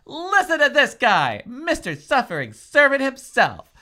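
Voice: medium pitch, very animated, normal speed, pushed and bright, voice pushed up. A podcaster voicing a brash young woman heroine from a ghost story, read aloud in an exaggerated, mocking way. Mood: scornful.

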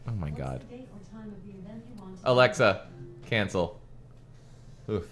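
A giggly man reads a book aloud on a casual podcast, breaking off for quick jokes. His pitch swings wildly from low to high, and he slips easily between the story and his asides. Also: big pitch swings, a bit bright.

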